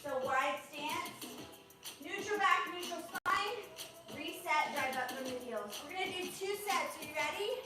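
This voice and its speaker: A young woman guides a live home leg workout, coaching form and counting reps in an upbeat, chatty way. Her voice sits high and she stands back from the mic in a very echoey room. Clear music plays behind her. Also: animated, a little slow, distant mic. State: out of breath at times. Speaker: fitness instructor.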